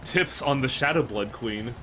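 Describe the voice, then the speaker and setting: A man's voice: mid-range voice, measured pace, pushed and bright, a little hiss or hum. A man streaming a video game, chatting casually and joking, with a lot of swearing. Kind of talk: casual gameplay commentary. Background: game music.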